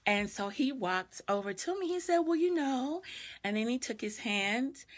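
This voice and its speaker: A woman's voice: on the high side, lively intonation, normal speed. A middle-aged woman hosting a live video, telling a personal story reflectively and greeting viewers as she goes. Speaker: doula and video host.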